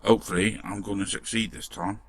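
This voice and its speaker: A man's voice: lowish voice, steady tone, brisk, gravelly. A man chatting casually as he restores a toy car, muttering to himself with the odd mild swear. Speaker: model restoration vlogger. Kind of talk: casual workshop commentary.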